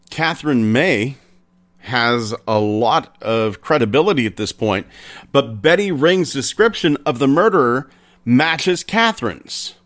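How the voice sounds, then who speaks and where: Slow, deliberate male true-crime storyteller. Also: on the high side, a bit bright. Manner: unhurried, conversational retelling with pauses. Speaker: podcast host.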